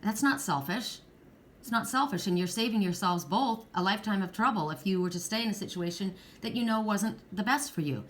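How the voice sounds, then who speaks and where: A woman's voice: medium pitch, fairly quick. A woman doing an oracle card reading for viewers, speaking earnestly and reassuringly. She often restarts her words. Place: at home with her dog nearby.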